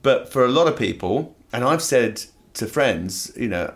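Friendly man asking lively questions. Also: mid-range voice, normal speed. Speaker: podcast host. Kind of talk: casual podcast chat.

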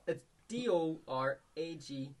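Guy on a podcast, lively storyteller, slightly high voice, laughs a lot. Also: takes it slowly. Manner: animated storytelling, laughing often. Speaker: podcast host. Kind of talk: casual podcast chat.

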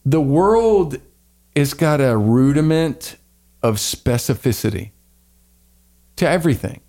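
A man hosting a podcast in casual, opinionated chat, rambling and animated with slangy asides. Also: mid-range voice. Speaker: podcast host.

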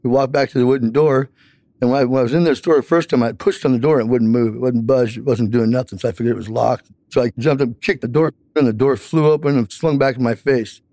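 A man's voice: medium pitch, steady tone, fast talker, warm tone, no room sound. A man telling a long personal account in an interview, rambling with many fillers.

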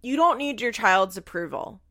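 Animated woman with vocal fry. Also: a little high, moderate pace, dry recording, studio quality. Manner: animated, incredulous, swears freely. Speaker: reality show recap podcaster. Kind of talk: casual recap commentary.

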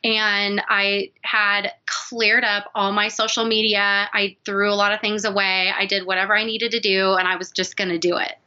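A woman's voice: mid-range voice, little pitch movement, moderate pace, hardly any pauses, pushed and bright, highs cut off. A woman guest telling a personal story in an earnest, confiding, emotional way. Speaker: podcast guest.

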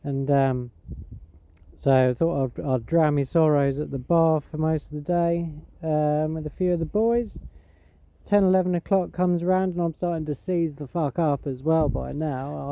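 English bloke rambling a cheeky story, kinda high voice, muffled lo-fi voice note, dry. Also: male voice, steady tone, normal speed, a little hiss or hum. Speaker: caller sending a voice message. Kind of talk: casual storytelling. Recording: muffled lo-fi voice message.

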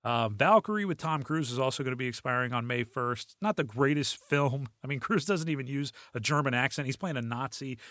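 A man's voice: medium pitch, brisk, hardly any pauses, dry recording. Casual man hosting a podcast. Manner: relaxed, rambling, frequent fillers and restarts. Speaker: podcast host. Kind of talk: casual solo podcast talk.

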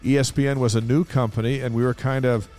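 A man co-hosting a casual sports podcast, telling anecdotes in a lively way. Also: mid-range voice, fast talker, soft background music. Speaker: podcast co-host. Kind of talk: casual sports chat and storytelling.

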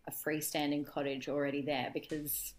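A young woman chatting casually as a podcast co-host, telling animated stories with wry asides. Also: low voice, normal speed. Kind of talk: casual chat.

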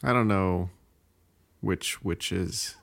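A man co-hosting a podcast in casual chat, making dry, low-key puns. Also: drawn-out words, vocal fry, a bit bright. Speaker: podcast co-host.

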